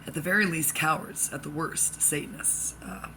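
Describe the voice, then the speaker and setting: Quick and mid-range in pitch, the speaker tumbles through a rambling comedy bit that keeps changing subjects. Excited bursts give way to abrupt whispers, and background noise can be heard.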